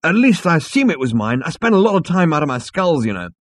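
A man reading a storybook and voicing a brash, excitable alien adventurer who talks loudly and boastfully in a raised voice. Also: fairly high pitch, fast talker, no room sound, pitched above the performer's own voice. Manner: loud, boastful and dogged.

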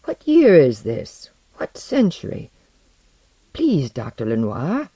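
Reader doing a confused professor dude demanding answers, bouncy pitch, dry close sound. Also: huge pitch swings, takes it slowly, warm tone, husky, no room sound, exaggerated voice. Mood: flustered. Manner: demanding, flustered questions. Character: modest, bewildered modern male professor. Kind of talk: read-aloud storytelling.

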